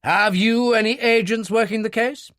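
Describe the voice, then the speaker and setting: A man voicing a calm, commanding older British brigadier with a clipped delivery. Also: sits high, normal speed, no room sound, studio quality, pitched above the performer's own voice. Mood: brisk. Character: brisk older British male brigadier, unflappable.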